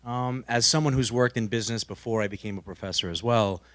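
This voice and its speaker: A man's voice: mid-range voice, fast, fairly bright tone, dry recording. A man in the audience, a professor, asking a hesitant question after a talk. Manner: hesitant, with fillers.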